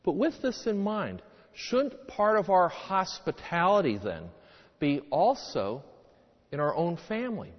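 A man's voice: high voice, very animated, measured pace. A man preaching a sermon in a church, speaking emphatically with many rhetorical questions. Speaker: priest. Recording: dull sound, long church reverb.

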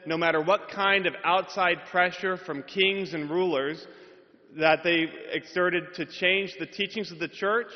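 A male priest giving a homily, telling a humorous, self-deprecating story in a church. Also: high voice. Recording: reverberant hall, dull sound.

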